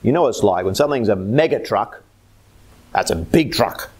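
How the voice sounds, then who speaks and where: A man with an Australian accent preaching a sermon as pastor, swinging between loud emphatic lines and low hushed ones. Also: lively intonation, moderate pace, breathy edge.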